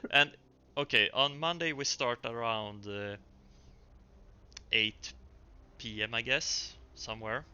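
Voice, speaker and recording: Game master, male, mid-pitched, very bright tone, halting casual narration, lo-fi mic. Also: smooth. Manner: relaxed, halting narration with fillers. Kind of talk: narrating a tabletop game stream.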